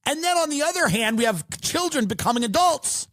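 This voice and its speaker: A man's voice: very high voice, animated, a little fast, a bit bright, no room sound, studio quality. A man hosting a podcast, delivering a mocking comedic rant and swearing freely. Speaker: podcast host.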